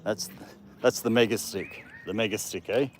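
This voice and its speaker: A man's voice: on the low side, steady tone, normal speed. A man, chatting casually on a live stream while he walks his dog in a park and talks to it. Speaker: vlogger walking his dog. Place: outdoors in a park. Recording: faint outdoor background noise.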